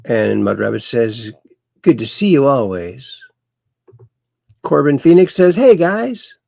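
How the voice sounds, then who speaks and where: A man with a gravelly, creaky voice hosts a casual livestream, reading viewer comments and rambling along in a folksy, repetitive way. The sound is dry and close, with no room echo. His pitch sits in the ordinary middle range for a man. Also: lively intonation, measured pace, a little mellow. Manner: rambling, folksy, repeats himself. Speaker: livestream host.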